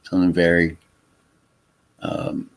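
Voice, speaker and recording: Deep-voiced man, halting casual chat. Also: completely flat delivery, smooth. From Louisiana. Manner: halting, lots of fillers and restarts. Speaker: livestream host. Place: Texas home.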